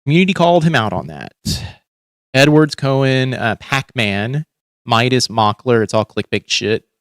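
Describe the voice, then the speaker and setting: A man's voice: medium pitch, animated, moderate pace, fairly bright tone, no echo, clean studio sound. A man hosting a livestream, ranting in casual commentary with heavy swearing and frequent restarts. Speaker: livestream host.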